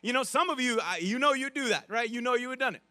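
A man preaching a sermon in a conversational, animated way, with frequent restarts and asides to the congregation. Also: very high voice, fast, dry recording. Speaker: pastor.

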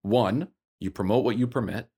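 A man co-hosting a podcast, telling a story in a casual, animated way. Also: on the low side, moderate pace, husky. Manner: animated storyteller, acts out dialogue. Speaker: podcast co-host.

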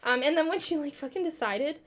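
A young woman with a somewhat high voice is co-hosting a casual conversation. She tells a long story in an animated way, swears a lot, and acts out the lines of the people in it. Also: fairly quick. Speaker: podcast co-host.

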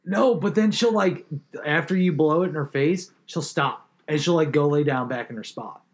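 A man's voice: a little high, normal speed. A man in his thirties, a podcast co-host in casual chat, rambling through stories with lots of fillers and swearing.

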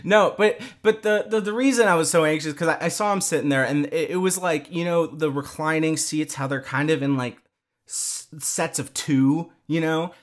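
A man co-hosting a podcast, telling a story in casual chat, animated and quick to swear, with many restarts. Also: fairly high pitch. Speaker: podcast co-host.

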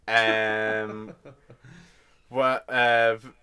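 Man, podcast co-host, casual, note by note, giggly, bright and clear tone. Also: lowish voice, level tone, extremely slow. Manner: laughs often, goes through his notes one by one. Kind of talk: casual chat reading out film notes.

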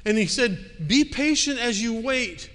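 A man's voice: very high-pitched, animated, measured pace, pushed and bright, big-room sound. A man preaching a sermon as a pastor, in a conversational way, putting questions to the congregation.

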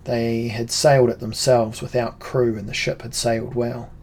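A man reads a fantasy audiobook, measured and unhurried. His voice sits at a plain middle pitch, and the storytelling is steady and deliberate. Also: husky. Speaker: audiobook narrator. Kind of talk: scripted fantasy narration.

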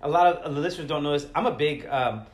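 A man's voice: fairly high pitch, quick pace. A man from California, a comedian guest who has been drinking, chatting loosely and stuttering with laughs. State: tipsy from drinking. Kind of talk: casual podcast chat. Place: room in his home. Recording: roomy echo.

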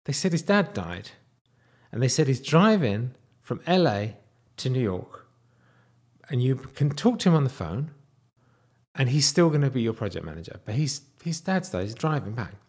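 A man in his thirties casually telling a personal story, animated, sometimes dropping to a whisper. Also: moderate pace, husky. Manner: animated, wide swings in pitch and loudness, drops to whispers.

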